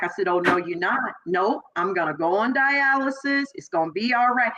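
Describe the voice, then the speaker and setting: A middle-aged woman from Chicago, a former police officer, telling her story as an interview guest and acting out the voices of people she quotes. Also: measured pace. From Chicago, Illinois. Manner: animated, acts out quoted voices with big pitch jumps. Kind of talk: personal storytelling in conversation. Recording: slightly dull lo-fi audio.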